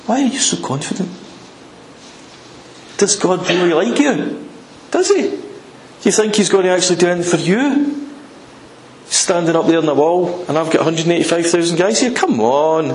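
A preacher acting out a scornful enemy commander who shouts goading questions upward in a high, strained voice. The sound is roomy, with a faint hum in the background. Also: male voice, expressive, normal speed, pauses often. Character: taunting male enemy army commander shouting up at a wall.

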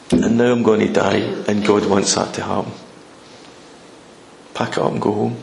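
A man's voice: medium pitch, gravelly. A man preaching an informal sermon in a conversational, emphatic way, acting out scripture scenes. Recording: echoey room with faint noise.

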